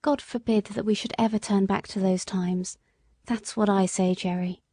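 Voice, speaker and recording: Woman playing a gentle, devoted wife. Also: medium pitch, fairly even intonation, moderate pace, dry recording, close to an everyday voice. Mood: heartfelt. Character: gentle, devoted working-class wife and mother.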